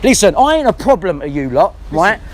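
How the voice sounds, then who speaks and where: Man, angry, swearing, slightly high pitch, outdoors street. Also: very animated, fairly quick. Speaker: vlogger confronting police. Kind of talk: heated street confrontation.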